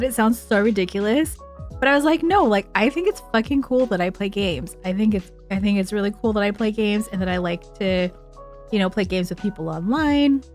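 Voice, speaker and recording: A woman live streamer with a medium-pitched voice chats casually with her viewers, speaking frankly, swearing freely, and using lots of filler words.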